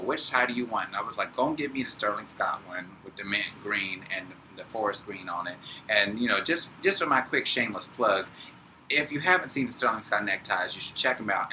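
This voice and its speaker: Young male vlogger, lowish bright voice, animated storyteller, faint room noise. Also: rough recording. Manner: animated, acts out quoted people. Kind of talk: casual storytelling.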